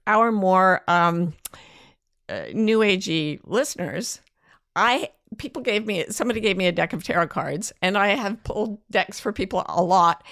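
A woman's voice: on the low side, dry recording, clean studio sound. A woman co-hosting a podcast, telling anecdotes in casual chat and acting out the quotes. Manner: animated storyteller, acts out quotes. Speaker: podcast co-host.

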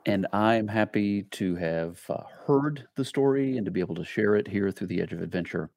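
Very deep-voiced male podcast host. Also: animated, moderate pace, a little mellow, dry recording, studio quality. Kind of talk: podcast interview and outro.

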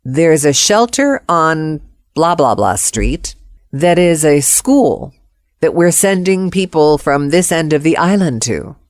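A woman's voice: low-pitched, big pitch swings, takes it slowly, a little mellow, dry recording, clean studio sound, heavily acted. A woman voicing a businesslike female official warning her on the phone.

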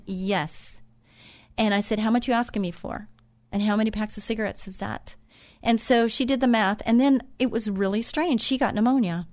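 A woman's voice: medium pitch, a little mellow. A middle-aged woman hosts her own talk show with a chatty, folksy way of telling stories. She is earnest and a touch preachy, repeating her lessons for emphasis and filling gaps with um and uh. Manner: chatty, folksy storytelling with frequent um and uh. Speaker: radio show host. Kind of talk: motivational talk show monologue.

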